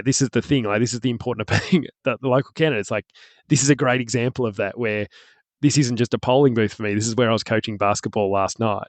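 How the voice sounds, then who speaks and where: A man's voice: on the low side, dry recording. An Australian man in his thirties, a former candidate telling rambling anecdotes in casual chat. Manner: rambling storyteller with many restarts.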